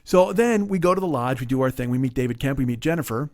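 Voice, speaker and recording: A man's voice: medium pitch, quick pace. A middle-aged man hosting a podcast, telling a comic story with lots of swearing and acting out the people he quotes. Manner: animated, acts out people he quotes, swears freely. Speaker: podcast host. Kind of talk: comedic storytelling chat.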